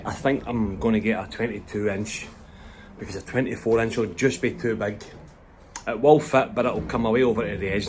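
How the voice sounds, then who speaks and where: A man's voice: lowish voice, a little hiss or hum, low-quality recording. A Scottish man chatting casually as he explains his work inside a van he is converting. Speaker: vlogger building a campervan. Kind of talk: casual walkthrough vlog.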